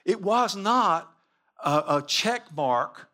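A man's voice: sits high, expressive, slow pace, bright, forceful tone. A man giving a sermon-style teaching with slides, emphatic and full of repeated rhetorical questions. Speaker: Christian teacher.

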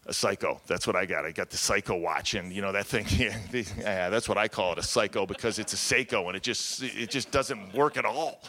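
Very deep-voiced man preaching casually. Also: fairly quick, hardly any pauses, sharp tone. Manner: candid, self-deprecating humor with many fillers. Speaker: pastor. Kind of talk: conversational sermon storytelling.

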